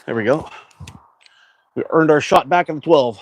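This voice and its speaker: A man's voice: a little high, normal speed. A man from Canada hosting a casual livestream, chatting and reading viewer comments aloud in a loose, rambling way. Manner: laid-back, rambling with fillers. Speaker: livestream host.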